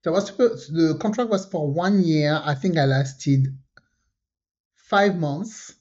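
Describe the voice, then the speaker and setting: Woman storyteller, low voice, lo-fi. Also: measured pace. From France. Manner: animated storyteller, acts out quotes, laughs often. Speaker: podcast co-host. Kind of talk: casual chat, storytelling. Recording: dull lo-fi sound.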